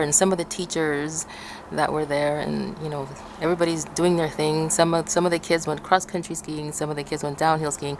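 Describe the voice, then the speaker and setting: A woman from Ecuador casually telling a story to her viewers, acting out what people said and laughing often. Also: a little hiss or hum. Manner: animated, acts out quotes in high shouts, laughs often. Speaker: vlogger.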